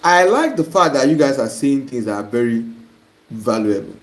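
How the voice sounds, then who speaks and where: A male online course teacher with a Nigerian accent and a medium-pitched, sing-song voice runs a live-stream lesson at normal speed. He reads out viewer comments and bluntly scolds wrong answers over noisy live-stream audio.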